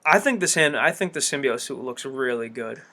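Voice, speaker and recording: A man reacting to a game trailer in casual commentary, excitable and rambling with fillers, swearing freely. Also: medium pitch, fairly quick. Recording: loud background noise.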